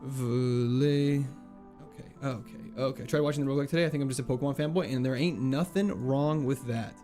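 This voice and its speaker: A man's voice: mid-range voice, mellow, faint music behind. Playful young man chatting on stream. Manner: playful, chatty, quick laughs, jokey mock French. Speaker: game streamer reading chat. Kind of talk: casual livestream chat.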